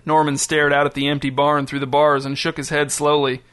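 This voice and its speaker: A male narrator reads a novel aloud at an even, steady pace. His voice sits slightly high and sounds bright and forceful. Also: a little fast, smooth. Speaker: audiobook narrator. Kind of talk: scripted narration.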